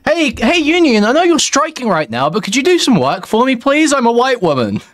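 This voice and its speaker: A man's voice: very high-pitched, wildly swooping pitch, brisk, fairly bright tone, pitched above the performer's own voice, heavily acted. A man mockingly putting on the voice of a whiny, entitled woman who begs a striking union for help. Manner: mocking, sing-song.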